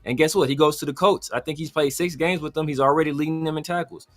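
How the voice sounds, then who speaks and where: A man hosting a casual sports talk show, telling stories in an animated way and mimicking other people. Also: on the high side, fast talker, soft background music. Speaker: podcast host.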